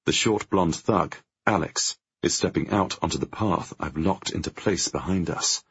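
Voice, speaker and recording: A man narrating a first-person audiobook in a tense, measured way, with a gravelly, husky voice. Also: sits low, fairly bright tone. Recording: dry, dull lo-fi audio.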